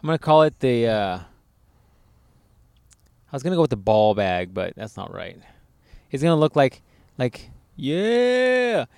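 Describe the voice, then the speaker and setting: Crude, animated podcast guy. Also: lowish voice, moderate pace, vocal fry, pauses often, smooth, no room sound. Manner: loose, swearing, animated storytelling. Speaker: podcast co-host. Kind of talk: crude casual banter.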